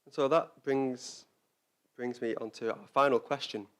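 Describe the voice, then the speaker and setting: Male Buddhist teacher, mid-pitched, reflective Dharma talk, halting with frequent restarts. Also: steady tone, fairly bright tone, clear, resonant tone. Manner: reflective, halting, repeats words while searching for them.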